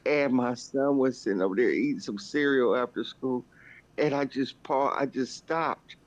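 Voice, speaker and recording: A woman's voice: very deep voice, normal speed, a little mellow. A woman in casual chat, venting bluntly and swearing freely as she tells a story. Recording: dull lo-fi recording.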